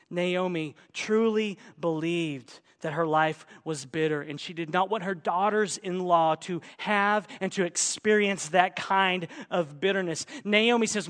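A man's voice: fairly high pitch, measured pace, few pauses. Man preaching in a reverberant hall. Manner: expository preaching, shifting from hushed to emphatic. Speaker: pastor. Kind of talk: sermon.

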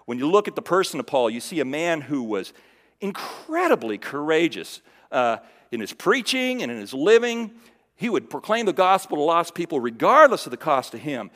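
A man preaching a sermon in a conversational way, asking the audience questions and dropping from loud emphasis to near-whispered lows. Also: big pitch swings, moderate pace, in a large hall. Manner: conversational, with fillers and restarts, asks the audience questions.

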